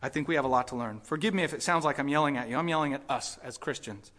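A man preaching a sermon as pastor, shifting from calm Bible teaching to loud, fervent exhortation. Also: mid-range voice, very fast. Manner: builds from quiet teaching to loud impassioned preaching.

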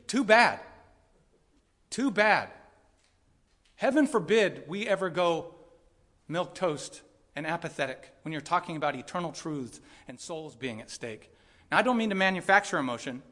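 Impassioned high-voiced male pastor. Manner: impassioned, swings between loud pleading and quiet reflection. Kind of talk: sermon.

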